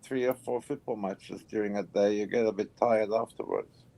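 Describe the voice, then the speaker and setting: Low gravelly dude on a group call, lots of uh's. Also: male voice, fairly even intonation, dark tone. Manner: halting, many fillers. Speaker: caller.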